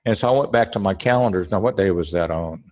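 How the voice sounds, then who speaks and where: A lower-voiced man walks through his trading charts in a webinar lesson, thinking aloud and often correcting himself. The audio is muffled and lo-fi. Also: fast talker. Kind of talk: screen-share trading tutorial.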